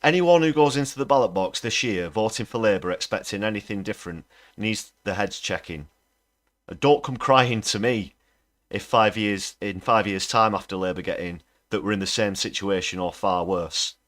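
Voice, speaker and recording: Brief: low-pitched male host, angry political commentary. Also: moderate pace, a bit bright. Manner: indignant, ranting. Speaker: livestream host.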